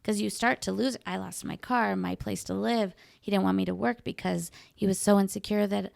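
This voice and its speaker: A woman's voice: medium pitch, steady tone, normal speed, gravelly, a little mellow, no room sound, studio quality. A woman hosting a podcast, talking openly and personally and often murmuring agreement. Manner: open and personal, frequent supportive backchannels. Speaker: podcast host. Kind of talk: casual interview chat.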